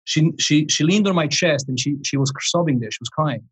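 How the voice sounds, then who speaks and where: In a podcast interview, a forties-aged life coach tells an animated, rambling story full of restarts and chuckles. His breathy, fairly high-pitched voice moves briskly, and the recording is rough.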